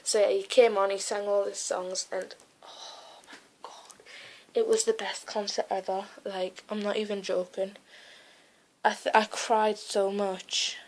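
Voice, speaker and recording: A woman's voice: medium pitch, little pitch movement, a little slow, darkish tone, poor audio. A teenage woman talks straight into her webcam from her bedroom. She rambles and gushes, stringing her thoughts together with "like" and "oh my God", in a casual vlog. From United Kingdom. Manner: gushing, rambling, lots of "like" and "oh my God". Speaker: vlogger. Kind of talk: casual vlog recounting a concert.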